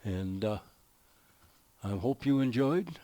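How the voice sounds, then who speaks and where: A man hosting a gameplay video, chatting casually in a slow, folksy, drawling way and telling a joke as he builds. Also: mid-range voice, animated, mellow, no echo. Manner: slow, folksy, drawling storyteller who chuckles at his own jokes. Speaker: gaming video host. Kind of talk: relaxed gameplay commentary with a told joke.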